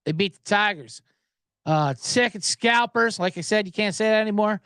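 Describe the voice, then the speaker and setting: A man's voice: high-pitched, moderate pace, a bit bright, clean tone, no echo, studio quality. A man hosting a sports betting podcast, rambling and joking, and getting worked up now and then. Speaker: podcast host.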